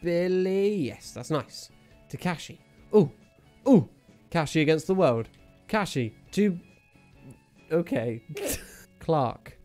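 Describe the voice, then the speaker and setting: Excitable man commentating a game. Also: a little high, takes it slowly, faint music behind. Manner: excitable, jokey, talks to viewers and himself. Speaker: gaming channel host. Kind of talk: live video game commentary.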